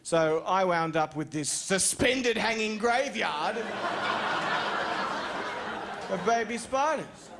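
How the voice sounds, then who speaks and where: High-voiced Australian man doing stand-up. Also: expressive, measured pace, over a noisy crowd, very noisy. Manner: rambling, self-mocking storytelling with sudden high-pitched jumps. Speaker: stand-up comedian. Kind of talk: stand-up comedy routine. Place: comedy club stage.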